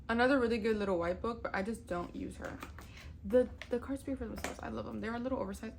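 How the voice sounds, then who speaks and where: A woman's voice: fairly high pitch, quick pace, creaky, a little hiss or hum. Chatty young woman gushing about cards. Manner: chatty, gushing, swears casually, laughs often. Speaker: tarot vlogger. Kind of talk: casual chat.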